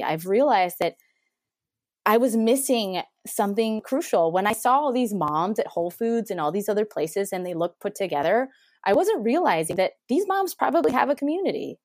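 A woman's voice: medium pitch, lively intonation, moderate pace, a little mellow, no echo, studio quality. A woman in her thirties from Mexico, earnestly telling a personal story as a podcast guest, with many restarts.

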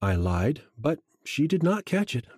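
Guy reading an audiobook, hushed and measured, pitch rises and falls a lot, dry close sound. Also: very animated, slightly rough, no echo. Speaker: audiobook narrator. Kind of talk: first-person scripted narration.

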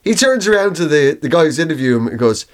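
A man's voice: a little high, sing-song, fast talker. A man co-hosting a comedy podcast, rambling through a joking story. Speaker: podcast co-host. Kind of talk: casual comedy chat.

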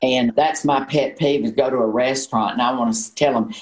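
In her sixties, this guest, an actress and singer with a Southern American accent, spins folksy stories in casual chat and calls people "honey." Her voice is very deep and darkish, steady and brisk with hardly any pauses. The recording is rough.

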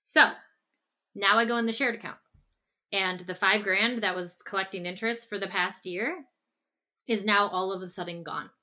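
Bright-voiced woman podcast co-host. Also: medium pitch, fairly even intonation, moderate pace, long pauses. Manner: walks through hypotheticals, checking in with "okay?" and "right?". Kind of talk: relationship podcast discussion.

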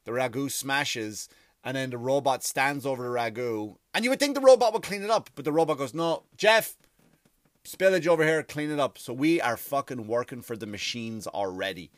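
A man's voice: mid-range voice, lively intonation, fairly quick, no room sound, clean studio sound. A man in his forties delivering a rambling, profane comic monologue as a podcast host.

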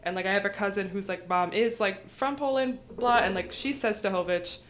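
A woman's voice: medium pitch, brisk. A young woman comedian chatting casually on a podcast, rambling and self-deprecating with many fillers. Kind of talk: casual chat.

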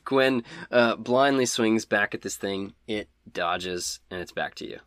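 A man narrating a tabletop game as game master, relaxed and laughing at his bad dice rolls. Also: on the low side, measured pace, dry recording, clean studio sound.

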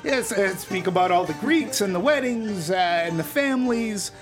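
A woman hosting a casual panel film review, chatty and halting with restarts. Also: medium pitch, lively intonation, music in the background. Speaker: host.

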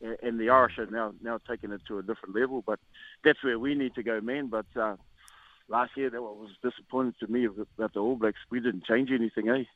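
A man's voice: medium pitch, fairly even intonation, a little fast, dry recording. A man with a New Zealand accent rambles easily, stumbling over repeated words as he chats. He comes through a tinny phone line with a dry, close sound. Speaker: guest, former rugby player. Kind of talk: casual radio interview over the phone.

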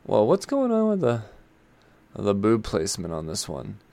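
A man reviewing comic books rambles casually, peppering his talk with fillers and some swearing. His fairly low, creaky, mellow voice swings hugely in pitch at a moderate pace, and there is no room sound.

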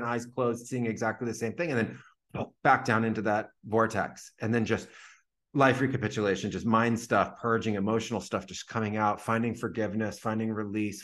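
A man whose voice is on the low side yet fairly bright is a podcast guest being interviewed. He tells a long personal story casually, retelling it vividly with lots of "like" fillers.

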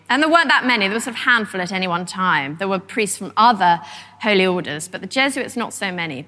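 Woman historian telling lively stories at a lecture, bright clear voice, hall reverb. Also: medium pitch. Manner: lively, animated storyteller. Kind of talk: public lecture, storytelling.

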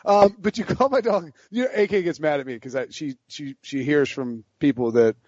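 A man's voice: a little high, normal speed, darkish tone, no room sound. A man hosting a casual sports podcast who rambles animatedly and laughs mid-sentence, on dull, dry lo-fi podcast audio. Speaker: podcast host.

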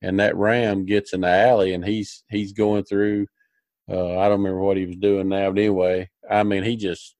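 A man's voice: low voice, level tone, moderate pace, darkish tone, no room sound. A man hosting a podcast, telling a rambling, folksy story with many fillers and restarts. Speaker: podcast host. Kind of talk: casual storytelling chat.

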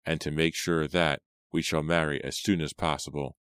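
An earnest, devoted young man, read by a man, his voice very deep and plain. Dry, close narration in a storybook style. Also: steady tone, normal speed, a bit bright, smooth, no echo.

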